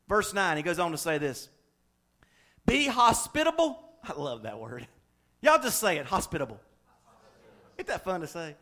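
Lively folksy preacher man. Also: extremely high pitch. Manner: folksy, lively preaching with laughs and acted-out examples. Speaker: pastor. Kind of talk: sermon.

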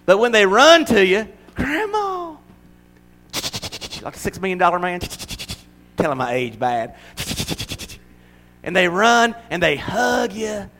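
A man preaching a sermon to his church, animated, acting out little voices and laughing as he goes. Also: sits high, unhurried, vocal fry, slight background noise. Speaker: pastor.

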